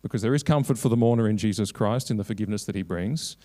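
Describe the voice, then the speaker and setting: A man giving a preached keynote at a conference, quoting scripture and building long repeated lists, swinging between raised, urgent lines and low, quiet asides. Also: fast talker. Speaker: Christian lobby director giving a keynote.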